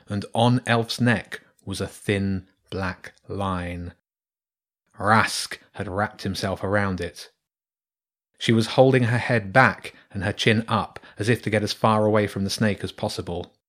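A man reading a children's storybook aloud in a steady, measured way. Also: on the low side. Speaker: narrator.

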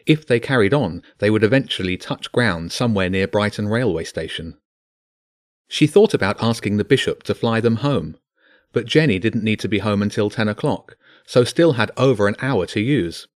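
Expressive low-voiced male storyteller. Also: moderate pace, dry recording, clean studio sound. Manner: expressive, voices each character. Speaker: narrator. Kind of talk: audiobook narration of a children's book.

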